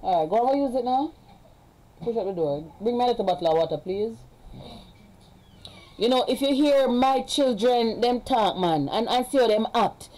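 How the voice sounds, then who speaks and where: Jamaican mom streaming live from home, warm low-key tone, talks in chatty run-ons and gives the kids orders mid-sentence. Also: female voice, lively intonation, normal speed, poor audio. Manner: rambling and chatty, breaking off to give orders to her children. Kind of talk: casual live-stream chat.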